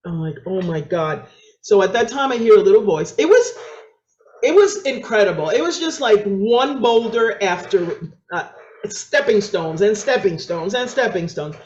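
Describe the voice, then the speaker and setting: A woman's voice: animated, normal speed, darkish tone, slight background noise. A woman with a New York accent, a guest on an interview show, telling her story with energy, acting out other people's voices and laughing often. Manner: acts out quoted voices with big pitch jumps, laughs often. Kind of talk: animated storytelling. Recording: echoey, dull lo-fi sound.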